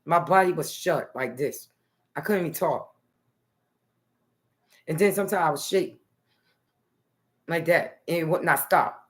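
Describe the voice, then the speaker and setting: A woman's voice: low voice, measured pace, long pauses. A woman from New Jersey talking in a loose, rambling personal monologue to the camera, dotting her talk with "okay" and "nice". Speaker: vlogger.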